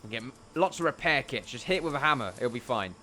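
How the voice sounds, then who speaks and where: A man's voice: medium pitch, expressive, fast, bright, forceful tone, slight background noise. Chatty man narrating gameplay. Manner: chatty, rambling, jokey asides. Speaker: gameplay commentator. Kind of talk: let's play commentary.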